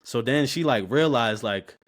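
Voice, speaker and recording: Man, 20s, podcast guest, animated, slangy, mid pitch. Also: unhurried. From Baltimore, USA. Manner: animated, slangy, repeats words when starting sentences. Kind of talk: casual interview storytelling.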